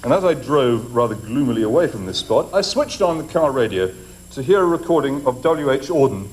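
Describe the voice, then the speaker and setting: A man giving a formal debate speech in a public hall, in a measured, grave and rhetorical manner. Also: mid-range voice, very animated, darkish tone, slight background noise.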